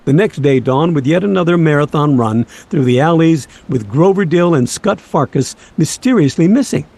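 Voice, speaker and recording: A man's voice: on the high side, lively intonation, normal speed, darkish tone, slight background noise. A man narrating a comic holiday story in a wry, florid, nostalgic manner.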